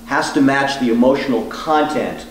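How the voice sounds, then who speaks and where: A man teaching as a law professor, speaking deliberately with measured pauses. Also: medium pitch, a little hiss or hum. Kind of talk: teaching demonstration. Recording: echoey room, distant mic.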